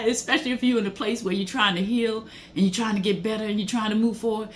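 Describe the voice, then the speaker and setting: A middle-aged woman delivers a faith-based motivational talk at an ordinary, mid-range pitch. Her speech is emphatic and preachy, and she often breaks into exclamations as she drives home each point. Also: steady tone, fast talker, hardly any pauses. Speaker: motivational speaker.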